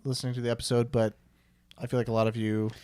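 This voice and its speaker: A man's voice: mid-range voice, flat delivery, quick pace, dark tone, clear, resonant tone, dry recording. A man hosting a movie podcast, talking casually with plenty of fillers. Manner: chatty, frequent fillers. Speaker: podcast host. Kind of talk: casual chat. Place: studio.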